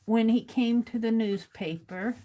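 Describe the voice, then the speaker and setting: A woman's voice: on the high side, steady tone, a little slow, mellow. A woman hosting a livestream, reading viewers' comments aloud and chatting casually while she writes. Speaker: livestream host.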